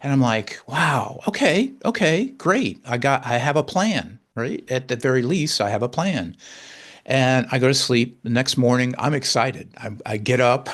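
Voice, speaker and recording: An earnest man in his sixties recounts a personal story as a guest, in a mid-pitched voice. He talks haltingly, restarting phrases and repeating words as he goes. Now and then his feeling breaks through as he laughs.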